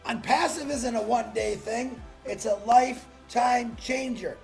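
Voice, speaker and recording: A man hosts a solo livestream, pumping up his viewers with an excited, salesy pep talk that breaks into shouts. His voice sits very high and has a gravelly rasp. He talks into a laptop mic with faint music playing behind him. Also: unhurried. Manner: greets viewers by name from the chat. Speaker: livestream host.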